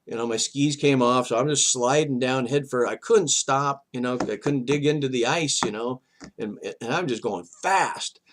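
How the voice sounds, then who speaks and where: An older man hosts a vlog, casually recounting a personal story at medium pitch. He rambles and stays animated, often stopping and restarting haltingly.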